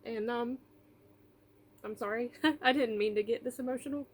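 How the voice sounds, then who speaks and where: Brief: woman in her thirties, vlogger, tearful, halting with fillers, faint background hiss. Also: fairly high pitch. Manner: emotional, apologetic, halting with fillers. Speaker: doll collector vlogger. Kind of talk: personal storytelling vlog.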